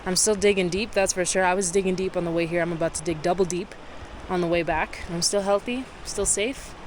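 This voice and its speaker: A woman's voice: fairly low pitch, fairly quick, poor audio. A tired woman narrating her solo cycling trip to camera, candid and reflective as she talks through her problems. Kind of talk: casual vlog narration to camera. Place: outdoors on a windy gravel road. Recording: outdoor wind noise on the mic. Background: wind and outdoor noise.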